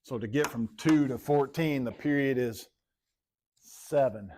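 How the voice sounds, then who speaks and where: A man's voice: mid-range voice, measured pace, darkish tone. A man teaching a math class in a classroom, talking casually, calling on students by name and repeating himself. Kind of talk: classroom lecture.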